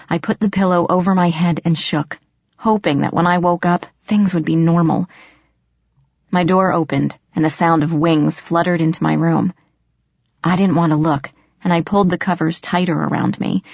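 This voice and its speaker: A woman narrating an audiobook in first person, expressive and storytelling. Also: lowish voice, no room sound. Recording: dry, slightly dull audio.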